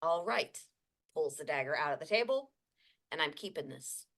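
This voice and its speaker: A woman's voice: low voice, expressive, normal speed, a bit bright. A woman playing a tabletop game, speaking bluntly and sternly in character. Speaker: player. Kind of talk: tabletop role-play.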